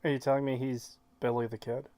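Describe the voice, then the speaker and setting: A man's voice: medium pitch, flat delivery, quick pace, warm tone. A man chatting casually on a podcast, with dry, sarcastic quips. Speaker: podcast co-host. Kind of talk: casual chat.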